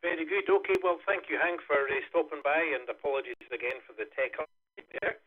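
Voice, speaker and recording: A man's voice: a little high, fairly quick. A Scottish man hosting a ham radio net, chatting in a rambling way with many fillers. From Scotland. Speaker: net host. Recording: tinny radio link.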